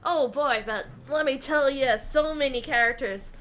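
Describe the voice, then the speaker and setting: A woman's voice: high-pitched, measured pace, a bit bright. A young woman streaming a visual novel, chatting casually with playful, giggly, joking asides. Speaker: VTuber streamer. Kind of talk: casual gameplay commentary.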